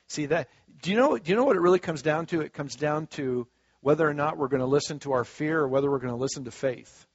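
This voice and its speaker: A male preacher giving a sermon in a folksy, conversational way, swinging between soft asides and loud emphatic stretches. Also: on the high side, fast talker, husky, no echo. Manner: folksy and conversational, acting out quoted voices. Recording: dull, dry lo-fi sound.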